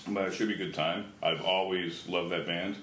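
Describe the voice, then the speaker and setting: A man co-hosting a podcast, relaxed and low-key, trading stories and agreeing easily. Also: normal speed. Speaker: podcast co-host. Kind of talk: casual chat. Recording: roomy echo, faint noise.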